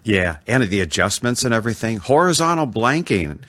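An older man hosts a relaxed interview in a very deep voice that swings up and down with real liveliness. He heaps praise on his guests. The sound is dry and close. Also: a little fast, no room sound. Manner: enthusiastic, full of praise. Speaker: interview host. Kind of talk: casual interview chat.

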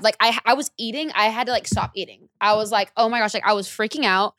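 Brief young woman, singer guest, slangy animated storyteller, dry close mic. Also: a little high, quick pace, hardly any pauses, no room sound. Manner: animated, slangy, acts out her own past reactions. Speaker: recording artist guest. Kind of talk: casual interview storytelling.

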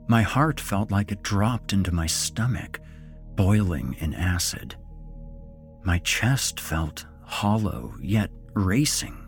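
A man narrating a first-person horror story in a shaken, subdued way. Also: fairly low pitch.

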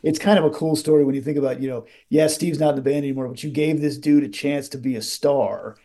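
Man, podcast co-host, casual chat, warm dark voice. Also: medium pitch, fast. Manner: relaxed, reacts with short agreements.

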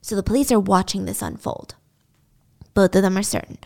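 A woman's voice: mid-range voice, a little fast, creaky, dark tone. Chatty woman telling a story. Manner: chatty, laughs while telling. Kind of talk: casual storytelling.

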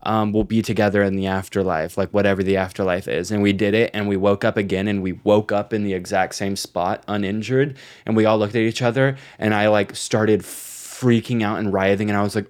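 A man's voice: lowish voice, little pitch movement, a little fast, few pauses, a little mellow. A man co-hosting a podcast, telling stories in loose, profane casual chat and laughing often. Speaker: podcast co-host.

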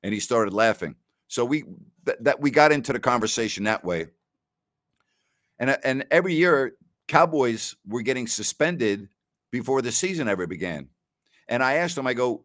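A man's voice: medium pitch, animated, moderate pace, fairly bright tone. A middle-aged man from New York hosting a casual talk show, chatting with stream listeners and telling stories where he often repeats words and quotes people.

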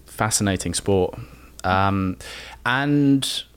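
A man's voice: on the low side, extremely slow, smooth. A young man with a London accent, chatting casually and cheekily as a podcast guest. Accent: London English. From London, England. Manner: laid-back, joking, cheeky. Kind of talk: casual chat.

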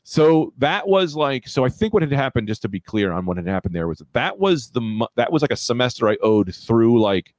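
A man's voice: mid-range voice, sing-song, brisk, few pauses, a little mellow, no room sound. A man in his thirties hosting a podcast, telling a long story in a rambling, self-correcting way. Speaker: podcast host. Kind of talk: casual storytelling chat.

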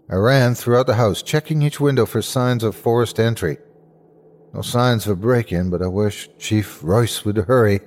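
A man hosting and narrating a scripted horror story with a measured, suspenseful delivery. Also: on the low side, a little mellow. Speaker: host and narrator.

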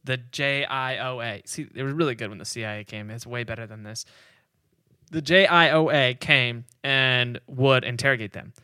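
A man's voice: mid-range voice, normal speed, pushed and bright, clean tone, dry recording, clean studio sound. A man co-hosting a podcast, telling history in casual rambling chat, laughing often and hedging on figures. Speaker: podcast co-host.

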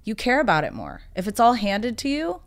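A woman's voice: on the high side, huge pitch swings, fairly quick. A woman from South Carolina, a podcast guest, telling stories in casual chat with many "like" fillers. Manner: chatty storyteller, fillers of "like".

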